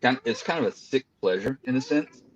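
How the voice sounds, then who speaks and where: A man guesting on a podcast, telling personal stories in a lively, confessional way. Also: medium pitch, a little fast. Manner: animated, confessional storytelling. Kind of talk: casual chat. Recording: dull lo-fi sound.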